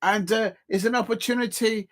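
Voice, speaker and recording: A man's voice: high voice, steady tone, normal speed. Man, live football reaction streamer, chatty, laughs often, greets viewers. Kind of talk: live match reaction commentary.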